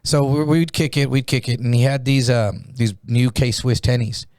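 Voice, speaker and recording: A man's voice: mid-range voice, steady tone, moderate pace, a little mellow, no room sound, clean studio sound. A middle-aged man telling a slangy, profanity-laced story in a casual podcast chat. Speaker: comedian guest.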